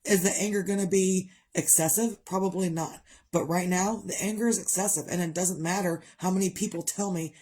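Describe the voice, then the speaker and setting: Middle-aged woman, lowish voice, talking straight to the camera, raw and rambling. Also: steady tone, fairly quick, hardly any pauses, mellow. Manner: grieving, candid, rambling talk to viewers. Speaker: vlogger. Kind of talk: casual chat.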